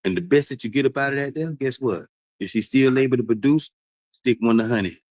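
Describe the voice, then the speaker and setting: A man's voice: mid-range voice, a little fast, no room sound, poor audio. A man talking casually and repetitively to his stream audience, with frequent laughs. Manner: animated, repetitive, preachy, laughs often. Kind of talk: casual livestream talk.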